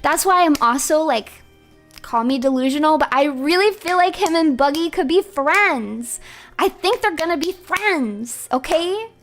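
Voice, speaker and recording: A female livestreamer chats casually, animated and playful, and laughs often. Her voice sits high, and soft music plays faintly behind her. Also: measured pace. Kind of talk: casual chat.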